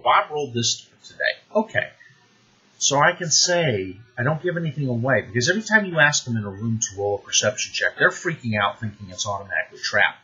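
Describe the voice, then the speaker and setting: Brief: male game master with a raspy, bright voice, chatty and animated, on a dull lo-fi recording. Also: mid-range voice. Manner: animated, conversational, many restarts. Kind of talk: advice talk to the camera.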